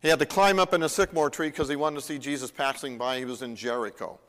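A man's voice: mid-range voice, fairly even intonation, quick pace, a bit bright. A man preaching a sermon in a conversational way, acting out the Bible dialogue as he retells it. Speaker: pastor. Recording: long reverb of a large hall.

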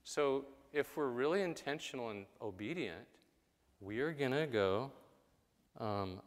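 A man's voice: mid-range voice, lively intonation, measured pace, big-room sound. A man preaching a sermon in a casual, conversational way, briefly acting out quoted voices.

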